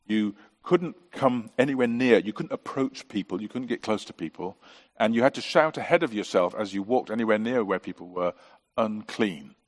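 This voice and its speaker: Middle-aged pastor, low-ish voice, earnest preaching, lots of rhetorical questions. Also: male voice, lively intonation, brisk. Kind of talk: sermon.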